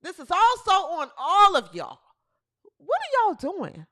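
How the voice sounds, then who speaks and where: A woman hosting a sports talk show delivers an emphatic rant, circling back to the same phrases again and again. Her voice sits very high and bright, with a lively, swooping pitch. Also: measured pace. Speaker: host.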